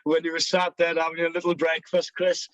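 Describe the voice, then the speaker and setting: A man's voice: on the high side, brisk. A male podcast guest telling funny stories with frequent laughter. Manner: laughs often, animated storytelling. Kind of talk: casual chat. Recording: dry, dull lo-fi sound.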